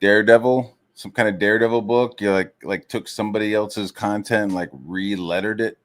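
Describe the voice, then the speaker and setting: A man's voice: fairly low pitch, fairly even intonation, a little fast. A man ranting heatedly as a streamer, swearing constantly, with lots of fillers, mocking other people in raised voices. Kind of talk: profane rant.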